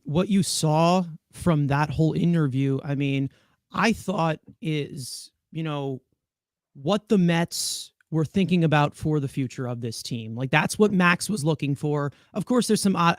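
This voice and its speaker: A man joining as a guest podcaster in a sports talk discussion, speaking in a measured way and thinking aloud. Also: a little high, dry recording.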